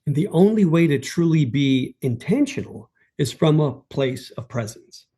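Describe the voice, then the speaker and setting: A man who is a guest coach in an interview, speaking in a calm, measured, emphatic way and repeating words for weight. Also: on the high side, husky. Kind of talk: interview conversation.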